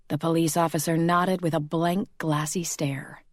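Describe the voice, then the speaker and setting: A woman narrating a romance audiobook in a slow, measured, intimate reading. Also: low-pitched, flat delivery, dry recording, clean studio sound.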